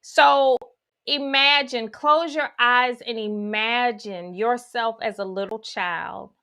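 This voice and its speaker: A woman's voice: on the high side, takes it slowly, sharp tone. A woman giving a spiritual teaching talk, guiding listeners through imagery with folksy asides.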